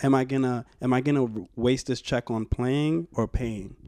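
A man's voice: medium pitch, steady tone, normal speed, darkish tone, no echo. Reflective man musing on adult life. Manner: reflective, rambling with restarts and "like". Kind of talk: casual chat.

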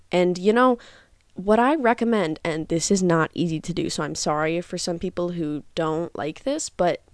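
A woman's voice: lowish voice, a little mellow, dry recording, studio quality. A young woman hosting her own podcast, giving frank advice in a chatty, casual way with many fillers. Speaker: podcast host.

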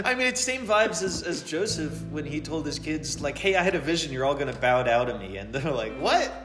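A man co-hosting a casual chat, animated, slipping into voices when he retells stories. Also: a little high, brisk, roomy sound. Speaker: podcast co-host.

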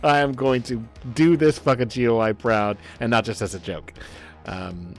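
A man co-hosting a podcast over a remote call, talking in a rambling, animated way with lots of fillers and swearing. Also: medium pitch, normal speed, soft background music. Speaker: podcast co-host and author. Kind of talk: casual podcast chat. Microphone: remote call recording.

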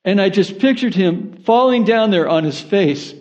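A man's voice: high voice, animated, moderate pace, a little mellow. A man preaching a sermon in an earnest manner that builds to impassioned intensity. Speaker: pastor.

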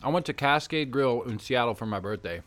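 A man hosting a podcast, telling animated stories full of profanity in casual chat. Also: medium pitch, fairly quick. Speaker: podcast host.

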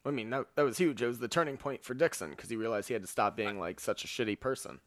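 A man's voice: medium pitch, fast talker. A young man co-hosting a casual movie chat, enthusiastic and joking, swearing freely. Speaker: podcast co-host. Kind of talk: casual film discussion.

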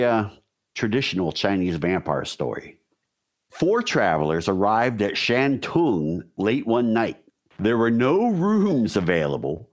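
A man co-hosting a casual podcast, telling folklore stories with wry, jokey asides. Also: on the low side. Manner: wry, jokey asides while reading lore. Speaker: podcast co-host. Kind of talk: casual storytelling chat.

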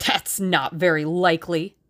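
A woman voicing a brash, eager young Englishman in an audiobook, speaking in forceful, bossy bursts. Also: medium pitch, lively intonation, moderate pace, close to an everyday voice. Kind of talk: audiobook character reading.

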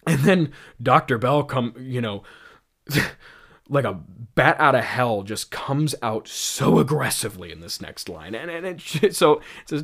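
A man's voice: medium pitch, sing-song, measured pace, a bit bright. A man hosting a comedy show, stammering and laughing as he reads and mocks his own old script. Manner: incredulous, laughing, stammering restarts. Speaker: host.

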